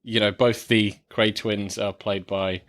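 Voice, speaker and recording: A man's voice: on the low side, little pitch movement, unhurried, a bit bright, dry recording, clean studio sound. A man from England co-hosting a casual film podcast, laid-back and sweary, often restarting his sentences. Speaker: podcast co-host.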